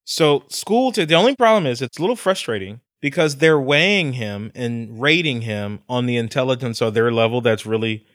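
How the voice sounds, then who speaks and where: Profane, animated man hosting a podcast. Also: medium pitch, normal speed, few pauses, dry recording, clean studio sound. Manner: profane, animated storyteller who laughs often. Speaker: podcast co-host. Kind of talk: casual podcast chat.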